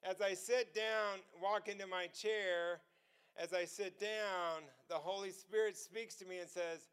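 A man preaching a testimony sermon, telling a story with frequent laughter and excitement. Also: sits high, unhurried, smooth.

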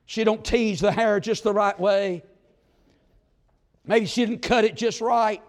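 A man preaching a revival sermon in a fervent, folksy style. His delivery swings between loud exclamations and low, drawn-out asides. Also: fairly even intonation. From southern United States. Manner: folksy, plain-spoken country talk.

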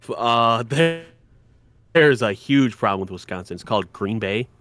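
A man's voice: mid-range voice, animated, normal speed. A man co-hosting a podcast in casual chat, blunt and joking, swearing often. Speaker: podcast co-host.

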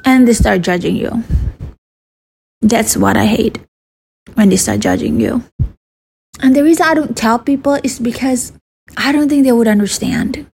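A woman's voice: a little high, moderate pace, creaky, pauses often, darkish tone, slight background noise. A woman in her thirties with a Malaysian English accent, giving casual advice in a chatty vlog and slipping Malay words into her English. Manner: chatty, mixes Malay into English, sighs and restarts. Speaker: vlogger.

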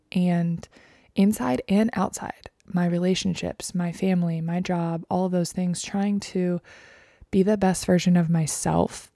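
A woman in her thirties hosting her own podcast, speaking earnestly and emotionally, often soft and breathy. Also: on the low side, dry recording, clean studio sound. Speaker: podcast host. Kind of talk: personal podcast monologue.

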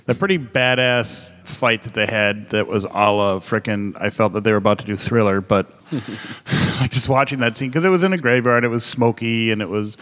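A man's voice: fairly low pitch, moderate pace, a bit bright. Chatty podcast man, echoing room. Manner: chatty, laughs easily. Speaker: podcast co-host. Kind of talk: casual chat.

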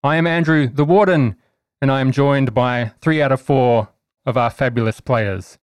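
A man's voice: medium pitch, moderate pace, smooth, no room sound. A man hosts a tabletop game podcast in an upbeat, teasing way. His voice sits mid-range and sounds close and dry. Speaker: podcast host and game master. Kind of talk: casual podcast chat.

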